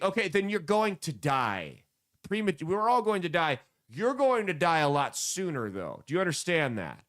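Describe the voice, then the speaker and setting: A man's voice: on the high side, sing-song, normal speed, fairly bright tone. A man hosting a podcast, ranting bluntly and mockingly in casual commentary with plenty of swearing. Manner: blunt, profane, mocking rants. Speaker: podcast host.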